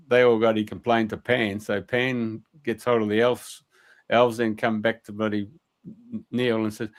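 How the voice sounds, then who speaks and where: A man's voice: medium pitch, gravelly. Rambling man telling a story. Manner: colloquial, rambling, many fillers. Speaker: radio show speaker. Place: radio studio.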